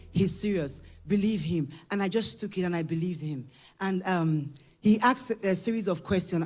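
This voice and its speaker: A middle-aged Ugandan woman giving a church testimony, moving from hushed storytelling to shouted praise. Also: medium pitch. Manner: emotional, building from hushed telling to shouted praise.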